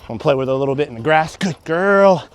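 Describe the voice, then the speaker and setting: A young man, a dog trainer, talking casually through each step of a training session while walking his dog outdoors. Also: racing. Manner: explains steps aloud, breaks into high excited praise for the dog. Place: outdoors on a walking path and grass.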